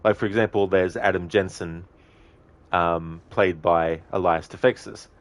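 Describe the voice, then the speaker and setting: Deep-voiced rambling male streamer. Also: steady tone, unhurried. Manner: rambling, thinking aloud. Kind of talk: casual commentary while gaming.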